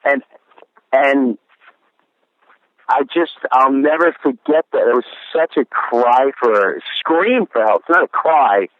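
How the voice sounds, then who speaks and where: A man's voice: mid-range voice, animated, normal speed, few pauses, no room sound. A middle-aged man, a comedian guest, telling a story in an interview, sincere and reflective, slipping into voices for the people he quotes. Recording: dry tinny phone-like line.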